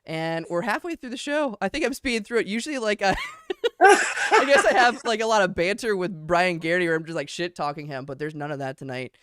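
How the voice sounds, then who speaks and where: A man's voice: sits high, lively intonation, fairly bright tone, smooth, no room sound, clean studio sound. Laid-back man hosting a comedy stream. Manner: laughing, loose, quick asides. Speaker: host of an improv comedy livestream. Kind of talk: casual hosting banter.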